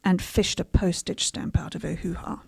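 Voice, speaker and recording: A woman stand-up comedian from Africa chats as a podcast guest, telling stories with deadpan asides. Her voice sits low with a gravelly fry. The sound is close and dry. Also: moderate pace, no echo. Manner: deadpan, cheeky storytelling with asides. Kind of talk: casual podcast chat, storytelling.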